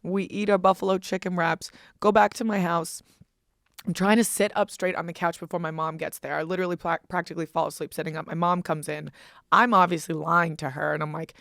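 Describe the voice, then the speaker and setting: A woman's voice: fairly low pitch, steady tone, brisk, gravelly, a bit bright, no room sound, clean studio sound. A young woman hosting a podcast, casually telling a rowdy weekend story, swearing freely and laughing as she goes. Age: young adult. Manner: chatty, profane, laughing storyteller. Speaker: podcast host.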